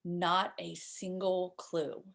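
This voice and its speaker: A woman in her thirties, a guest in an interview, recounting a painful personal story in a halting, emotional way with many repeated words. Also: on the low side, level tone, gravelly. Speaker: guest speaker.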